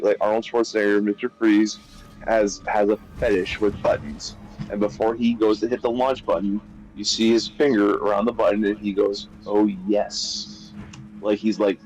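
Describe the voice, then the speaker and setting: A man's voice: fairly low pitch, darkish tone, rough recording. A man chatting casually during a gaming session, rambling and often repeating and restarting his sentences. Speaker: streamer chatting while gaming.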